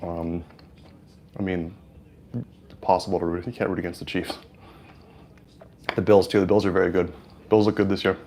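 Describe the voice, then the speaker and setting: His low, dark voice stays fairly flat, moving at a moderate pace with frequent pauses. A Californian live-stream host on a lapel mic, he chats with his audience and commentates the game, hesitant and full of fillers but excited at plays.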